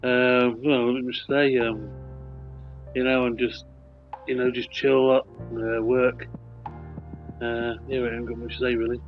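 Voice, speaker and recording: A man's voice: mid-range voice, little pitch movement, measured pace, pauses often, phone-quality sound, soft background music. A shy man from England, hesitant and full of fillers, talking as a guest on a video call. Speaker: guest on a livestream date show.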